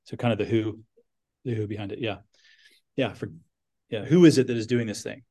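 A man's voice: on the low side, a little fast, warm tone. A man teaching a Bible class, thinking aloud with frequent restarts and putting questions to his students.

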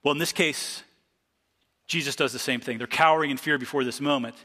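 A man's voice: mid-range voice, a little fast, bright, forceful tone, in a large hall. A male pastor from Ohio giving a conversational expository sermon, stopping often to restart his sentences and reading scripture aloud. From Ohio, USA.

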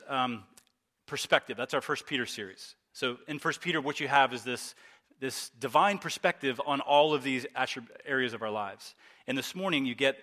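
Bright-voiced man preaching a sermon. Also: medium pitch. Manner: earnest, emphatic preaching with repetition. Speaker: pastor.

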